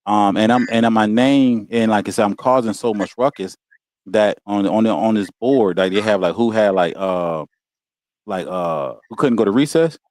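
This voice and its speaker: A man telling stories about his school days in a relaxed, casual way, often laughing and saying "you know what I'm saying". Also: on the low side, moderate pace, dry recording. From Walterboro, South Carolina. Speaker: guest. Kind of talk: casual storytelling. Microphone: video call.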